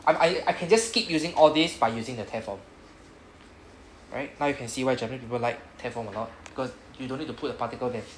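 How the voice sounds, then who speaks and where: Quick and mid-range, this Singaporean-accented man coaches his Japanese students through a grammar lesson, ending almost every sentence with "right?". The classroom is echoey and has background noise.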